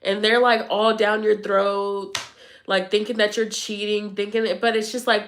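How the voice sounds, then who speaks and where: A woman's voice: on the high side, little pitch movement, measured pace, a bit bright, a little hiss or hum. A young woman doing a casual tarot reading for viewers, chatty and slangy, with a congested voice. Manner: chatty, slangy and playful, laughs often. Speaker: tarot reader.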